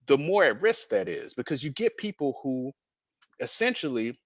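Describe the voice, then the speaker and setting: A man's voice: medium pitch, moderate pace, no room sound. A man hosting a casual podcast, telling stories emphatically and with a lot of profanity. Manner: animated, acts out quoted dialogue. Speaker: podcast host.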